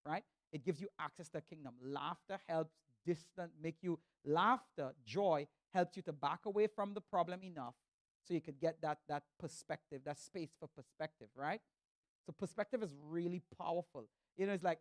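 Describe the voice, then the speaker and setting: Male church speaker, comic sermon storytelling, animated, trips over restarts, dry sound. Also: a little high, no echo. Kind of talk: humorous sermon talk.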